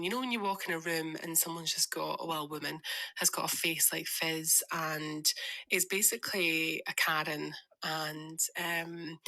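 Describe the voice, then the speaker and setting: A woman with a Scottish accent leaving a recorded voice message, speaking in a fairly low, flat tone that still sounds bright and crisp. She explains chattily, filling pauses with ums. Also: poor audio. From Scotland. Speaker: listener sending a voice message.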